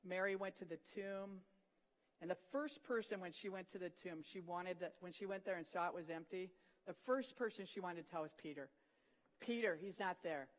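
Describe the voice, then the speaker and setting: An earnest preacher delivers a sermon at a mid-range pitch, retelling scripture stories with vivid storytelling and sudden hushed moments for emphasis. The voice rings with the long reverb of a large hall. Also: moderate pace.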